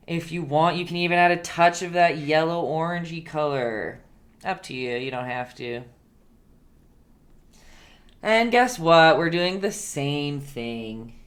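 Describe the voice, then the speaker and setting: A woman with a low voice hosts a laid-back painting lesson on a live stream. She's chatty and playful, laughs a lot, and answers her viewers as she goes.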